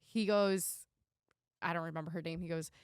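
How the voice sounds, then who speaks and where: Animated, swearing young woman co-host. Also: lowish voice, normal speed, smooth, dry recording, clean studio sound. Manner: animated, swearing, laughing storyteller. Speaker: podcast co-host. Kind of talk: casual chat.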